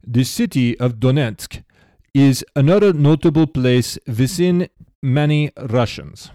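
A man's voice: medium pitch, animated, measured pace, dark tone, no echo, clean studio sound, natural voice. A man reading out a listener's written reply in a thick, put-on Russian accent that drifts toward a Dracula-like voice. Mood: earnest. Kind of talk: podcast read-aloud in a put-on voice.

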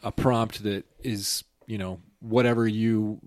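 A man hosting a podcast, chatting casually, opinionated and quick to laugh. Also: on the low side, fairly even intonation, a little mellow, dry recording, studio quality. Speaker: podcast host. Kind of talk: casual chat.

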